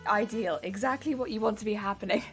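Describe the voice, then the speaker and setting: A woman craft streamer chatting casually on a live stream while hoarse, her wheezy voice cracking as she talks. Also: mid-range voice, fast, soft background music.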